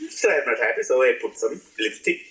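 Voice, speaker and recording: A man's voice: very high voice, fairly bright tone. A man giving an informal spiritual talk, playful and laughing, asking his audience questions. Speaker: spiritual teacher. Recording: echoey room, old archive recording.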